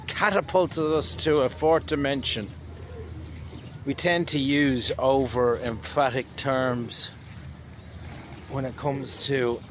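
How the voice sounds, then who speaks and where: A man's voice: medium pitch, a little hiss or hum. A man from Ireland with an Irish accent, talking casually to camera outdoors in a wry, rambling way. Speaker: vlogger. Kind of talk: casual spoken monologue.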